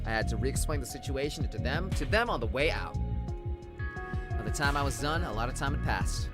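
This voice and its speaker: A man streaming a game, reading its text aloud and riffing on it in a jokey, excitable way, swearing and often breaking into loud shouts. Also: mid-range voice, normal speed, over music. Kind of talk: let's play commentary and reading game text.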